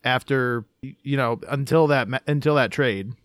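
Casting: male co-host, clear voice, dry close sound, hesitant. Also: mid-range voice, moderate pace, no echo. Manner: hesitant, many fillers. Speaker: podcast co-host. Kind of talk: casual sports chat.

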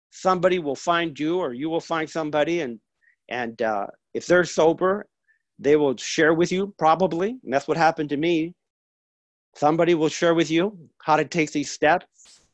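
Halting man telling his recovery story. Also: a little high, dry recording. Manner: halting storytelling with many restarts. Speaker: speaker at a recovery meeting. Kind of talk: personal recovery share.

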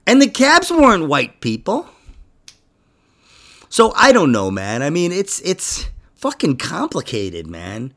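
Rambling, lively podcast host man. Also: a little high, slow pace, creaky. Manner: rambling, profane, trails off, laughs often. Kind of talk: casual chat.

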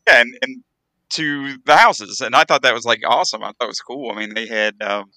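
A man's voice: medium pitch, fairly quick, pushed and bright, no room sound. An American man co-hosting a casual podcast chat, rambling with hesitant restarts and dry jokes. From United States. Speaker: podcast co-host.

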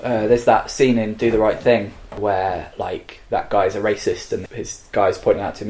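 A man's voice: lowish voice, fairly even intonation, moderate pace, few pauses, darkish tone. A man giving thoughtful, reflective commentary in a casual music chat. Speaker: podcast co-host reviewing songs.

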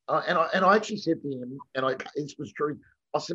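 A man telling lively anecdotes in a casual chat, acting out what people said and swearing freely. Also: a little high, fast, slightly rough. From Australia. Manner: animated anecdotes with voiced quotes, swearing freely. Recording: dull lo-fi recording.

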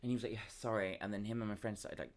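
A young man, co-hosting a podcast and telling a story in a casual, animated way, laughing often and acting out the voices of the people in it. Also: lowish voice, very fast. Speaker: podcast co-host.

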